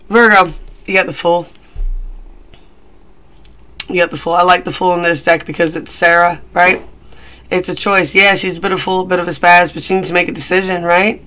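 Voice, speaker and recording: A man's voice: high-pitched, steady tone, brisk, pushed and bright. A man giving a casual, rambling tarot reading, chatty and self-deprecating. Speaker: tarot reader.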